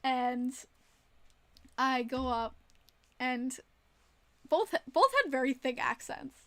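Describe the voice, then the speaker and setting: A woman's voice: high-pitched, slow pace, a bit bright, no echo. A young woman casually telling rambling stories on a livestream, giggling often between her words. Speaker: streamer.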